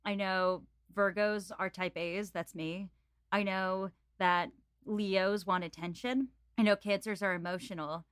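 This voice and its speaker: A woman's voice: medium pitch, fairly even intonation, a little slow, a bit bright, clear, resonant tone, no room sound, clean studio sound. A woman in her twenties hosting a casual chat podcast, giggly and chatty. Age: 20s. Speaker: podcast host.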